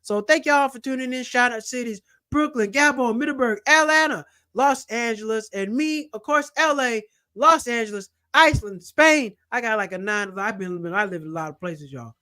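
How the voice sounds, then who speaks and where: A young man hosting a casual livestream, eagerly shouting out viewers and their cities and plugging his channels. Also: very high-pitched, expressive, normal speed, few pauses. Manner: hyped, repetitive shout-outs to viewers. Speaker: livestream host.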